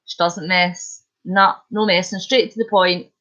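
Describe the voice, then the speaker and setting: A Scottish woman chatting casually on her live stream, bubbly and quick to laugh. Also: fairly low pitch, steady tone, sharp tone. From Scotland. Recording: dull lo-fi stream audio.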